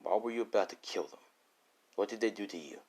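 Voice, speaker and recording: A man's voice: on the low side, quick pace, darkish tone, husky. A man voicing a stern adult male hero who questions a boy insistently, in a spoken fan story.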